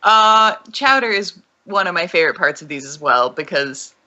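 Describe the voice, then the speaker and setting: A bright, sharp-toned woman chats casually as a podcast co-host. Her pitch swings widely while she giggles and gushes with fan enthusiasm. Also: expressive, moderate pace, muffled recording. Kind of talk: casual chat.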